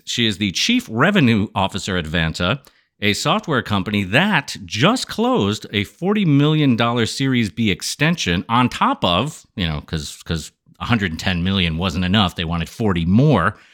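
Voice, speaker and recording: A man with a smooth voice hosts a podcast in a playful, showy way. His pitch swings widely as he jokes with the audience. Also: very animated, moderate pace, a bit bright. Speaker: podcast host. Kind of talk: upbeat podcast hosting.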